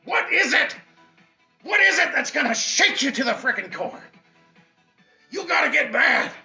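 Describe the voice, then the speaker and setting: A man's voice: extremely high pitch, animated, measured pace, vocal fry, sharp tone. A man giving a fiery, preachy motivational speech as a fitness coach, hammering points home with repetition. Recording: dull lo-fi audio with faint music.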